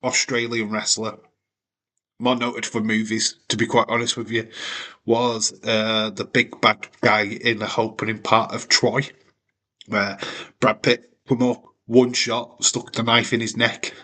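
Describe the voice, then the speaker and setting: A man's voice: fairly low pitch, flat delivery, a little slow, sharp tone. Blunt, sweary man ranting about wrestling. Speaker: wrestling watch-along host. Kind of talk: casual opinionated commentary.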